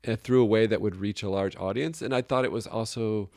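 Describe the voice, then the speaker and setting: A man co-hosting a casual podcast chat, joking and laughing often, with sudden high exclamations. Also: a little fast, creaky, a little mellow, dry recording, studio quality. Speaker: podcast co-host. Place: Chicago area.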